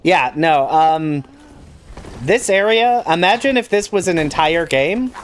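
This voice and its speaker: Guy doing let's play commentary, kinda high voice, bouncy pitch, dry jokes at his own expense. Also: expressive, a little slow. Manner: wry, self-mocking running commentary. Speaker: gamer playing a randomizer.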